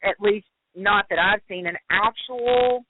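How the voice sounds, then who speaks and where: A man's voice: sits high, takes it slowly, slight background noise. A man talking casually as a guest on a paranormal talk show, rambling and hesitant, over a phone line. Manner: rambling, hesitant, full of fillers. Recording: tinny phone-line sound, dry.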